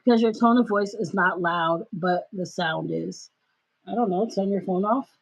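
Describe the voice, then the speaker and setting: A woman hosting a casual livestream, talking loudly and emphatically into her cell phone. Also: medium pitch, moderate pace, gravelly. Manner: loud, emphatic, ranting. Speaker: livestream host. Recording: dull cell-phone recording.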